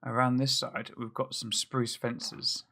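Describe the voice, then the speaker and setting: A man with a bright, edgy tone and a gravelly rasp running through his voice chats his way through a game. He thinks out loud and pokes fun at himself as he builds. He speaks at a middle pitch. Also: flat delivery, a little slow. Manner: chatty, self-mocking, thinks aloud. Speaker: let's play host. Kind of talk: casual gameplay commentary.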